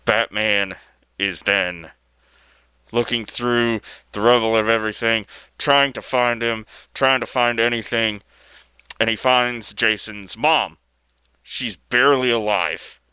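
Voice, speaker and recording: Slow, bright-voiced laid-back man. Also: on the low side, fairly even intonation, smooth, no echo. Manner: laid-back, loose with fillers and mild slang. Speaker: video host. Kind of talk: casual retelling of a story.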